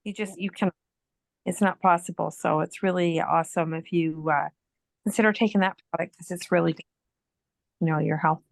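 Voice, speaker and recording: A woman's voice: fairly low pitch, steady tone, normal speed, gravelly, no room sound. A woman on a casual group call, explaining at length with many fillers and restarts. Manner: rambling, filler-heavy explaining. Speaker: participant on a product call.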